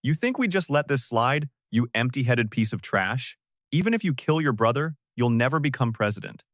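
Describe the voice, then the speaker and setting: A man's voice: mid-range voice, lively intonation, moderate pace, dry recording, clean studio sound, close to an everyday voice. A man voicing an arrogant male corporate president who mocks and then panics. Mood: enraged. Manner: scornful, then panicked shouting.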